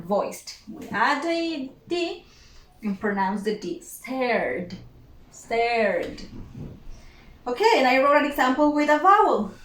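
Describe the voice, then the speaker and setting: Slow, echoey woman teacher drilling words. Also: on the high side. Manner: repeats words slowly for drilling, frequent "okay?". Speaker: English teacher. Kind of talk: slow explanatory lesson. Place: room with whiteboard. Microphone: camera at a distance. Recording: echoey room, far from the mic.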